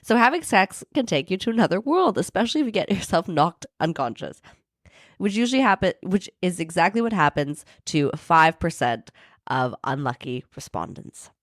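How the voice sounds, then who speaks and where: Lively, low-voiced young woman co-host. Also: moderate pace, no room sound, studio quality. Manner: casual, full of "like" fillers, emphatic. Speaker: podcast co-host. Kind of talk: casual chat.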